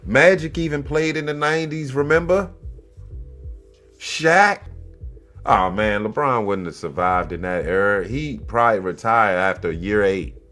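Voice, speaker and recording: A man hosting a comedy commentary show, animated and mocking, swinging between loud exclamations and low mutters. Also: a little slow, soft background music. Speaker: host.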